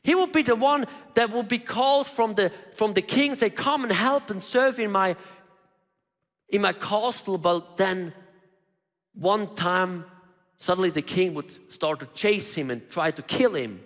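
A male preacher with a high, very lively voice, talking casually through his sermon and pausing on rhetorical questions. He acts out the people he quotes. The hall around him adds a long echo. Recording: reverberant hall.

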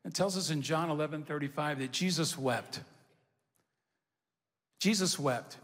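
High-voiced preaching man in a reverberant hall. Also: fairly quick, fairly bright tone. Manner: call-and-response preaching, repetitive emphatic phrasing. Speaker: pastor. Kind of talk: sermon. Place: large church hall with congregation. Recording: hall reverb from a large venue.

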